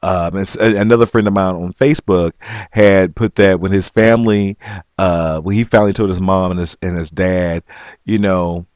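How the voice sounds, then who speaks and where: Low-voiced man telling a personal story. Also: fairly even intonation, a little mellow, dry recording. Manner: halting, with frequent restarts; earnest and emphatic. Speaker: vlogger.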